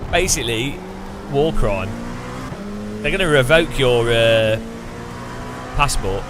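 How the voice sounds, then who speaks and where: A man's voice: medium pitch, animated, takes it slowly, music in the background. An English man streaming a racing game, chatting casually in a joking, sarcastic way and laughing often. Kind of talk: casual chat while sim racing.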